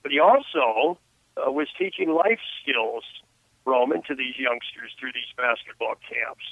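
A man's voice: medium pitch, a little slow, no room sound. An older man, an author and guest on a phone interview, telling stories in a reflective way with many restarts. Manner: reflective storyteller with frequent restarts. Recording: tinny phone line.

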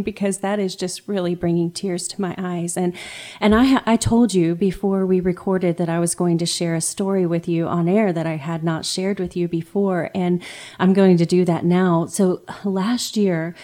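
Woman host, thirties, earnest and emotional storyteller, low mellow tone. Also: fairly even intonation, moderate pace. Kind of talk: heartfelt faith conversation.

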